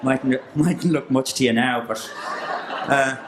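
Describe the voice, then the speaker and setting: A man's voice: medium pitch, slow pace, roomy sound, background noise. An Irish man doing a stand-up set with a guitar, talking in a loose, rambling way full of fillers. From Ireland. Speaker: stand-up comedian.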